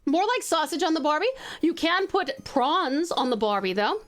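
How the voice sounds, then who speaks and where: An Australian woman streamer narrates a community game and banters with her chat. Her voice sits high, and she giggles often and swears casually. Soft music plays faintly beneath her. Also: very animated, moderate pace. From Australia (Tasmania).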